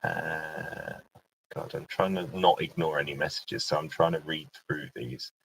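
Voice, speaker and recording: A young British man with a low voice hosts a relaxed live-stream Q&A from home, talking into his laptop webcam mic. His tone is bright and forceful as he reads out viewer comments and chats. Every so often he breaks off into a small aside to himself. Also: unhurried, creaky, husky, dry recording, low-quality recording. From Britain. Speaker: live-stream host and radio presenter. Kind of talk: casual live-stream Q&A chat.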